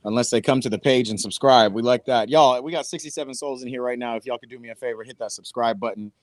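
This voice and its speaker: Young man, stream host, casual watch-party chat, slangy, laid-back, mid-pitched voice, dry close sound. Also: quick pace, no echo. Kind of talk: casual live-stream chat over a match.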